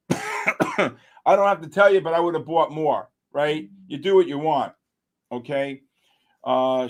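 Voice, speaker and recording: A man hosting a live futures trading stream, giving excited, exclamatory market commentary and calling out viewers by name. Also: a little high. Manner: animated, exclamatory, talks to chat by name. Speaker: livestream trading host.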